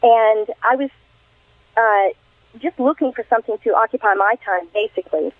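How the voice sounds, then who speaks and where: A woman's voice: a little high, moderate pace, no room sound. A middle-aged woman, a retired crime scene investigator, telling her story earnestly and with animation in a radio interview. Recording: tinny phone line, dry.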